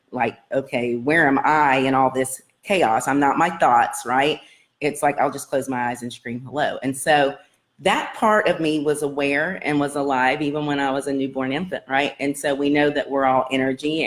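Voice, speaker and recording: A woman casually telling her personal story to her online viewers, earnest and rambling, with many fillers and restarts. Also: extremely low pitch. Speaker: self-help vlogger.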